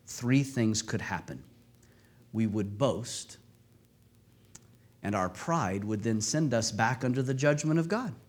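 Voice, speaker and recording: A man preaching a sermon, stressing key phrases by repeating them and swinging between loud passages and quiet ones. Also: mid-range voice, slightly rough.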